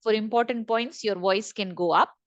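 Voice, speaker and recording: A woman's voice: mid-range voice, normal speed, dry recording, dull audio. A woman trainer leading an online session, repeating key points and asking the group questions. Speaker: corporate trainer. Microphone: video call.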